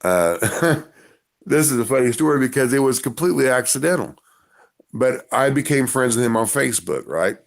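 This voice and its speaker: Gravelly man telling rambling stories. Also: medium pitch, lively intonation, moderate pace. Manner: rambling storyteller. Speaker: musician guest. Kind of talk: casual interview chat.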